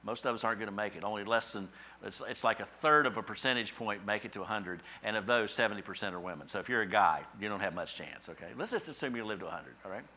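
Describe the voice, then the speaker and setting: A middle-aged man preaching a sermon in a conversational, storytelling way, acting out quoted thoughts in a higher voice. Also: fast, pushed and bright. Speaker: pastor.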